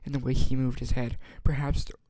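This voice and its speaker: A man's voice: medium pitch, flat delivery, dark tone, slight background noise. A man reading a novel aloud as an amateur, stumbling and restarting words often. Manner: halting, frequent stumbles and restarts. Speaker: audiobook reader.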